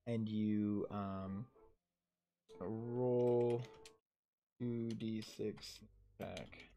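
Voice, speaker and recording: A man's voice: fairly low pitch, steady tone, extremely slow, dark tone. A man in his thirties running a tabletop game as dungeon master, narrating combat vividly and with energy. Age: 30s.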